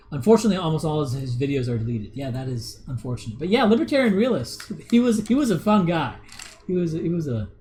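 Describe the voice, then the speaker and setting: A man's voice: a little high, darkish tone. A man in his thirties hosting a casual livestream, reading viewer comments and rambling with many restarts and chuckles. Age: 30s. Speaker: livestream host.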